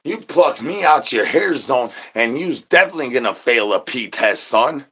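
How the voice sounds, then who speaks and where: A man's voice: medium pitch, very animated, moderate pace, breathy edge. A man ranting an absurd comedy monologue full of rhyming nonsense slang and stuttered repeated words. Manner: shouts out catchphrases. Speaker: comedy channel host. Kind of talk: absurd improvised comedy rant.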